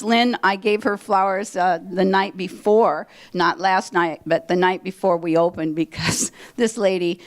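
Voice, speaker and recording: An older woman from Minnesota, a theater director, chatting through a rambling curtain speech to a live audience from the stage. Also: fairly low pitch. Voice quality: chatty, rambling, with fillers and restarts. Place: stage in a country club hall.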